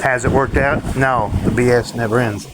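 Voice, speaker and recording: A man's voice: mid-range voice, fairly even intonation, moderate pace, background noise. A man in a bitter, cursing rant to his viewers, laughing between complaints. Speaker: vlogger. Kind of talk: ranting monologue to viewers.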